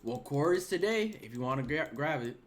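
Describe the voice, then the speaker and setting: Speaking a little high and a little fast, a man runs a laid-back gaming podcast. He spins stories and performs the quotes in them, his voice leaping suddenly as he does.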